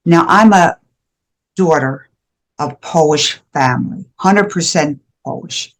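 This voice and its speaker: A woman's voice: low-pitched, slow. An older woman who is a guest educator, talking in an earnest, emphatic way with frequent restarts during a conversational interview. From USA. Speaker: guest, shame and guilt educator.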